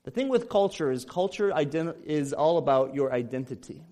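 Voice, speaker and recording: A man's voice: fairly high pitch, lively intonation, normal speed, warm tone. A man from Illinois preaching a sermon as pastor, earnest and emphatic, repeating his points.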